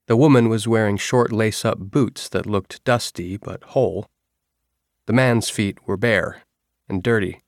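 An audiobook narrator, a man with a voice on the low side, reads a first-person novel aloud in a measured, even storytelling manner. The recording is studio quality with no room sound.

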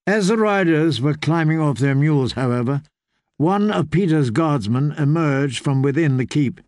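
A man narrating a fantasy novel in a measured storytelling manner. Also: on the high side, expressive, a little mellow, no echo, studio quality. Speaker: audiobook narrator.

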